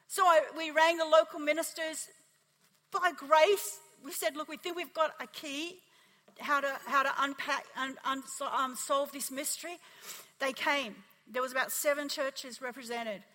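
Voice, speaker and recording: An Australian woman pastor giving an animated sermon testimony, acting out the people in her story. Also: sits high, normal speed. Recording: long hall reverb.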